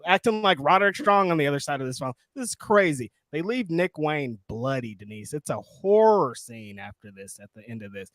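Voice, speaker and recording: Man, co-host, casual wrestling recap, lively swooping pitch, dry close sound. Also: brisk, hardly any pauses, no room sound. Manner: animated storyteller, acts out quotes in high voices.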